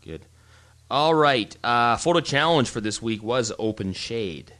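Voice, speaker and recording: A man co-hosting a casual photography podcast, explaining in an animated, rambling way with frequent restarts. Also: medium pitch, a little slow. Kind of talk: casual chat.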